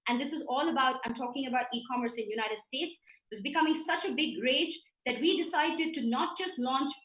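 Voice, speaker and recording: A woman's voice: high-pitched, brisk, a bit bright, far from the mic. A woman giving an emphatic business presentation over a video call, walking through her slides. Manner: emphatic, with some restarts. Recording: roomy, from off the mic.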